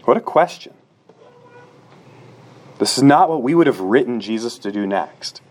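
A middle-aged man preaching a sermon in an earnest way, rising to emphatic peaks and dropping soft again. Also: medium pitch, expressive, moderate pace. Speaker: pastor.

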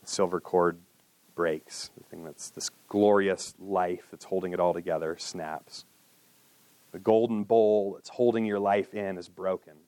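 A man preaching a sermon in an earnest way, dropping to a hushed voice on solemn lines and lifting for emphasis. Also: fairly even intonation, measured pace, no echo. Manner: earnest, with drops to a hushed low voice and lifts for emphasis. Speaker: pastor.

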